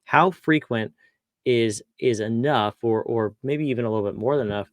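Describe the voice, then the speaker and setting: A man's voice: medium pitch, normal speed, no echo, clean studio sound. A male podcast host asking curious, conversational questions, rephrasing as he goes. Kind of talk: podcast interview.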